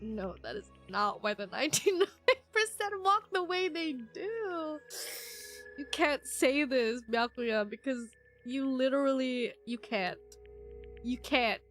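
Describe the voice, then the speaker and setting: A young woman streamer giving casual game commentary, animated and giggly, talking back to the screen. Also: high voice, slow pace, faint music behind.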